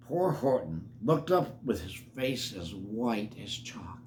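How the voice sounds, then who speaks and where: An older man reading a children's picture book aloud, animated and stopping to chat with the kids. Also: lowish voice, slow, few pauses. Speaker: storybook reader for children.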